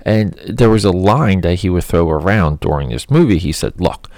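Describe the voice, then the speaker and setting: Gravelly low-voiced man rambling about movies. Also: lively intonation, moderate pace, a little mellow, no room sound. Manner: rambling, filler-heavy, opinionated. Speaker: film commentator. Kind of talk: casual movie commentary.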